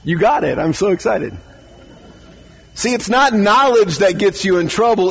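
A man's voice: high voice, lively intonation, measured pace, vocal fry, fairly bright tone, slightly rough, highs cut off. A man, a pastor, giving a conversational sermon in church, often stumbling over words and asking "right?".

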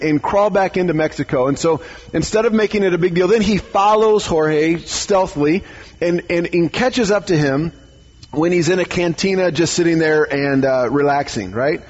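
A man's voice: high voice, husky, lo-fi sound. A man, a pastor, giving a conversational sermon in church, often stumbling over words and asking "right?".

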